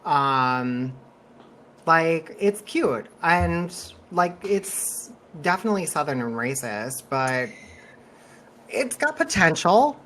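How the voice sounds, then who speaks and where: Animated, cussing man co-hosting a podcast. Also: on the high side, slow, a little hiss or hum. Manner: animated, laughs often, swears freely. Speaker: podcast co-host. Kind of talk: casual podcast chat.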